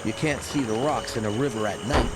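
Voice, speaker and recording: An actor playing a friendly, weathered ship captain in a fantasy game, speaking in measured storytelling dialogue. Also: male voice, medium pitch, background noise, close to an everyday voice.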